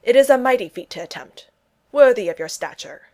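A woman's voice: medium pitch, normal speed, darkish tone, natural voice. A woman voicing a boisterous, loyal male warrior god who speaks in formal, old-fashioned phrases in a storybook reading. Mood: earnest.

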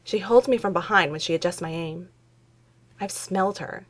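A woman reading fan fiction aloud, voicing a brash, excitable young woman at a bar who talks bluntly and sarcastically. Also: fairly low pitch, moderate pace, natural voice. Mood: sassy.

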